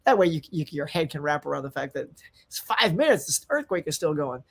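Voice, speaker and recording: A man hosting a casual live chat show, rambling and animated, reading out viewer comments and laughing often. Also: on the high side, brisk, gravelly. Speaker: livestream host.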